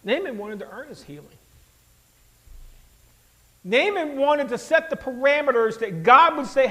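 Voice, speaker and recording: Male pastor, very high voice, conversational animated sermon delivery. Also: unhurried, long pauses, low-quality recording. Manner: animated, conversational, rhetorical questions to the congregation.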